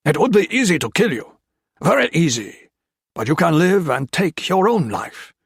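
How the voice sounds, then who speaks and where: A man's voice: fairly high pitch, sing-song, moderate pace, slightly rough, dry recording, studio quality, pitched above the performer's own voice, full character voice. A man voicing a curt, contemptuous colonel. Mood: contemptuous, furious. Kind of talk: audiobook character voice.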